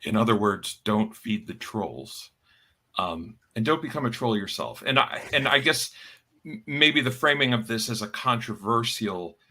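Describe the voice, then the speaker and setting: A man co-hosting a podcast, chatting casually and halting with fillers and restarts. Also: medium pitch, animated, pushed and bright. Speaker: podcast co-host. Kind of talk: casual chat.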